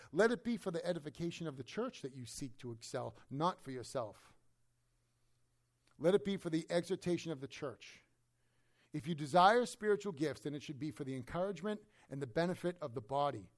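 Preaching an expository sermon, this male pastor is emphatic and sprinkles in humorous asides. His delivery shifts back and forth between loud emphasis and hushed, low comments.

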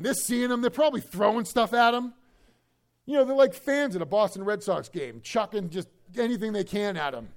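A man with a fairly high voice delivers a sermon in a loose, conversational way. He swings between hushed, low musings and bright, raised bursts, and now and then he drops into short acted asides. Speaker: preacher.

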